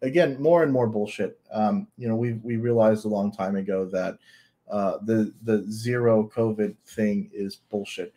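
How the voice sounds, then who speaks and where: Blunt, swearing man with a low voice. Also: unhurried, dark tone. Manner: blunt and profane, piles up rhetorical questions. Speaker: commentator reacting to a video. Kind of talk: casual reaction commentary.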